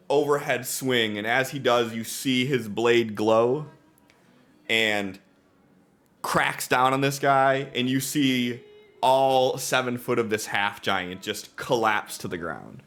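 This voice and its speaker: A man's voice: mid-range voice, slow, fairly bright tone. A man narrating a tabletop game as game master, telling the scene in a laid-back way with plenty of ums and uhs. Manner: laid-back, filler-heavy storytelling.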